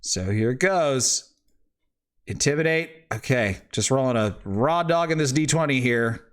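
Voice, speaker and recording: A man's voice: medium pitch, animated, unhurried. A man narrating as game master for a tabletop game, laughing often and hesitating with fillers.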